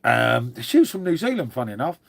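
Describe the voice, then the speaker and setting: A man's voice: medium pitch, very animated, fairly quick, creaky. A man, chatting casually on a live stream, joking, swearing and calling everyone mate. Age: 50s.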